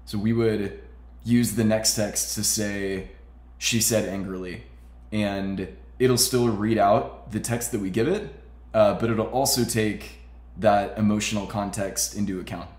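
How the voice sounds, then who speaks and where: A man hosting a casual tech tutorial, explaining steps in a relaxed way with frequent fillers. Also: on the low side, a little slow, roomy sound. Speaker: tutorial host.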